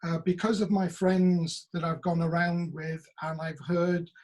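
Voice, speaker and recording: A middle-aged Welsh actor talking on a video call, telling stories in an animated way and acting out the voices of the people he quotes. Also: on the high side, unhurried. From Wales.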